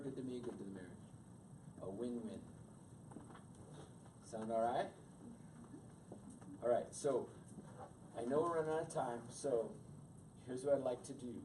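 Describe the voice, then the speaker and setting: Man teaching a couples' class, heard from afar. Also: medium pitch. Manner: conversational, quizzes the audience. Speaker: marriage workshop speaker. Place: meeting room with an audience. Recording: distant mic with background noise.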